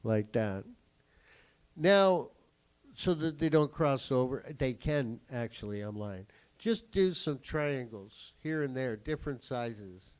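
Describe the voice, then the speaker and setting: A man doing stand-up comedy and a drawing lesson on a theatre stage, swearing freely, acting out his family and swinging from quiet asides to sudden shouts. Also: medium pitch, animated, clear, resonant tone, low-quality recording. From Canada. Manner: acts out family members in quick voices. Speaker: comedian and cartoonist. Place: theatre stage with a live audience.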